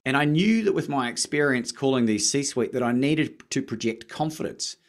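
An Australian man tells his story as a guest on a podcast, in easy, casual talk. He gets animated and acts out his phone calls as he goes. His voice sits in a middle register. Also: mid-range voice, normal speed.

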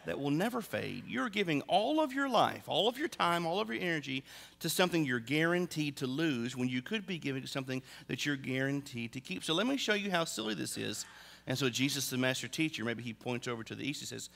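A middle-aged pastor with a high, sharp voice and vocal fry preaches fast, his intonation lively. He tells stories with humor and animation during the sermon, and the large church sanctuary adds long reverb.

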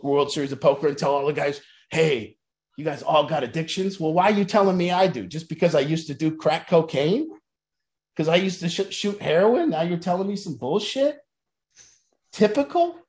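A man's voice: fairly high pitch, darkish tone. A middle-aged man leading a recovery program, talking bluntly and emphatically with plenty of swearing. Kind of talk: motivational talk.

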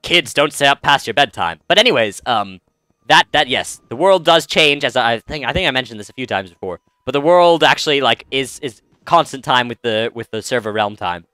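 A man's voice: mid-range voice, lively intonation, brisk, pushed and bright, smooth, dry recording. A man hosting a let's-play, chatting casually and rambling through commentary with many fillers and restarts. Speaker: game let's-play host.

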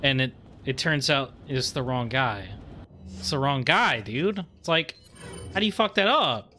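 A young man streaming a video game with casual commentary. He swears freely and rants with growing excitement. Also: medium pitch, a little slow, slight background noise. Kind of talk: casual let's-play commentary.

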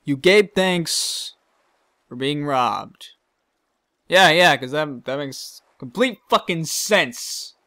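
A man riffs sarcastically over his gameplay and swears freely. His voice sits a little high. It swings up and down with animated energy. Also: slow pace, dry recording. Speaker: let's play gamer. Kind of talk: casual gameplay commentary.

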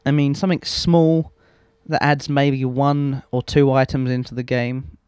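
A man's voice: mid-range voice, level tone, a little slow, a little mellow, clean tone, no echo, studio quality. A young man giving rambling, self-mocking gameplay commentary and swearing freely. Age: young adult. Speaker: let's play host.

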